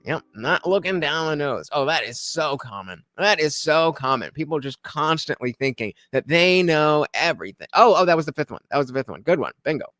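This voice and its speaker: A man's voice: a little high, animated, fairly quick, hardly any pauses, a bit bright, no room sound, studio quality, faint music behind. A man casually commenting while he reacts to a podcast clip, rambling with many fillers and reading out viewer comments.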